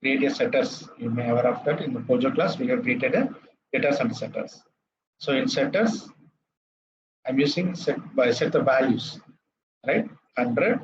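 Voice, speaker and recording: A man's voice: medium pitch, dull audio. A man with an Indian English accent teaching a live coding lecture. He repeats terms and checks in with "right?" after each step.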